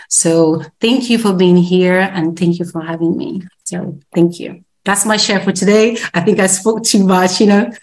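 A woman giving an excited, emotional gratitude share, repeating words for emphasis, her voice slightly quivering. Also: lowish voice. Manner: repetitive, emphatic, laughs between phrases. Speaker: community member sharing gratitude. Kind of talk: casual heartfelt share.

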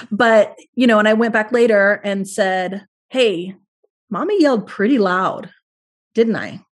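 This is a woman at a middle pitch, guesting on a podcast. She sounds earnest and thoughtful, and her reflections roll on in long, connected runs. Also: unhurried. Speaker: guest, parent talking about parenting. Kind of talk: podcast interview conversation.

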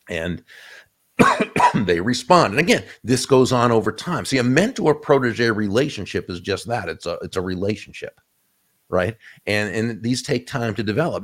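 A man with a very low voice talks as an interview guest. He gives thoughtful, practical advice in an easy conversational way, often restarting his phrases as he thinks aloud. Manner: reflective, advice-giving, frequent restarts. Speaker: guest author.

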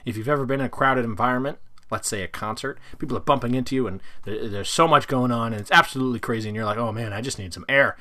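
A man hosting a casual solo podcast, talking in an animated way and jumping into side tangents. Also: mid-range voice, fast. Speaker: podcast host.

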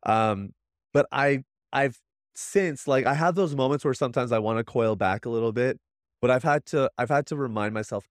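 A man's voice: mid-range voice, moderate pace, no echo, clean studio sound. A man in his thirties, a podcast guest, talking earnestly and reflectively in casual conversation, with many restarts.

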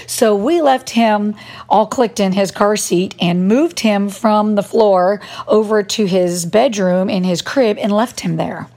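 Animated woman telling a story. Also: mid-range voice, a little slow. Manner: animated, self-mocking storytelling with acted-out quotes. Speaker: mom vlogger. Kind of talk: storytelling monologue.

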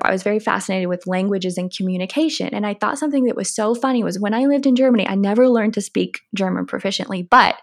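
Young american woman guesting on a podcast, easy chatty talk, laughs a lot, lots of likes. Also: medium pitch. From United States. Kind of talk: casual interview conversation.

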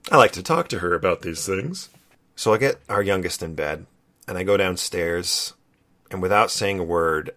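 Deep-voiced man telling a heartfelt story. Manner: earnest and reflective, quietly emotional. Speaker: podcast co-host. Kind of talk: personal storytelling.

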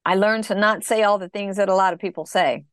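A woman's voice: medium pitch, steady tone, no echo, clean studio sound. A middle-aged woman telling her personal story as an interview guest, reflective and earnest. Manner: reflective, earnest, slow in places.

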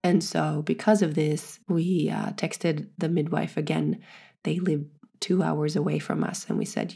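A woman recounts her own experience in a slow, meditative, soft-spoken way that slips into whispers. Her voice sits low and mellow, with a husky, gravelly grain to it. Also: sing-song. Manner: drops into whispers. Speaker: podcast guest telling her birth story. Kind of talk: personal storytelling.

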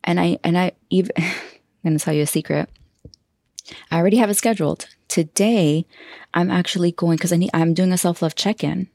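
A woman's voice: fairly low pitch, fairly even intonation, brisk, vocal fry, darkish tone, dry recording, clean studio sound. A woman hosting a self-love coaching podcast, talking in an effusive, emotional way and laughing often. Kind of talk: heartfelt podcast monologue.

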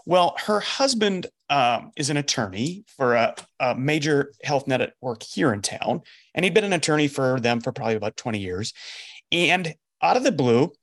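A man's voice: mid-range voice, moderate pace. A middle-aged man, a coach hosting a podcast, telling a story in casual conversation and acting out the dialogue. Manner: animated storyteller, acts out quoted dialogue. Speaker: life coach and podcast host.

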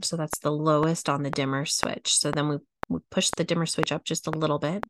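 A middle-aged woman teaching a coaching lesson, walking through a chart at a slow, measured pace and repeating her phrases. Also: low voice, steady tone, background noise. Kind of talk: teaching talk, reading a chart aloud.

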